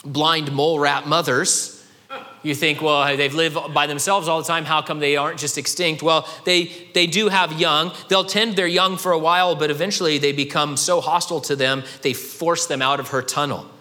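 High-voiced, bright male preacher in a hall. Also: moderate pace. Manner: animated preaching, acts out quoted voices. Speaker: pastor. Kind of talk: sermon.

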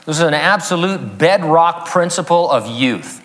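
A man's voice: a little high, expressive, a little slow, a bit bright, long reverb tail. A man preaching a sermon as pastor, breaking in with joking asides and chuckling at his own jokes. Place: church sanctuary.

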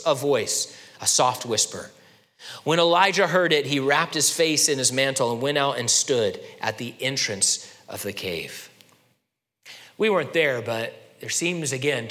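A man preaching a sermon as pastor, expressive and dramatic, acting out quoted voices and dropping from loud to soft. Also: mid-range voice, in a large hall.

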